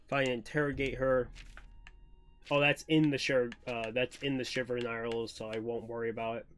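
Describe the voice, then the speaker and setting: A man's voice: mid-range voice, little pitch movement, normal speed, fairly bright tone, slight background noise. A male streamer giving casual gameplay commentary, rambling and thinking aloud.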